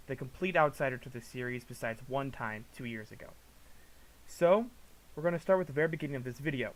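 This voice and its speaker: A man with a somewhat high voice gives casual reaction commentary. He rants in an exasperated, profane way. He swings between low mutters and loud outbursts. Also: rough recording. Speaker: commentary vlogger.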